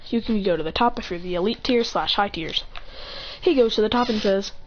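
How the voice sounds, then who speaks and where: A woman's voice: medium pitch, a little fast. A woman casually telling a fan story in a rambling, hesitant way, on a dull, hissy lo-fi recording.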